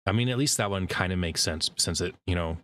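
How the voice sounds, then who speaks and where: A man hosting a casual interview chat, chatty and quick to laugh, speeding up as he tells stories. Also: deep voice, a bit bright. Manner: chatty, laughs easily, speeds up when storytelling. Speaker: podcast host and voice actor.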